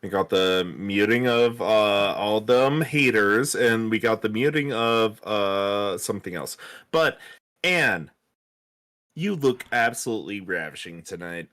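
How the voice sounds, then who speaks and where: A man's voice: fairly low pitch, animated, a little slow, a bit bright, no room sound, clean studio sound. A man calling in to a livestream, chatting in a laid-back, hesitant way. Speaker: caller. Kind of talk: casual call-in chat.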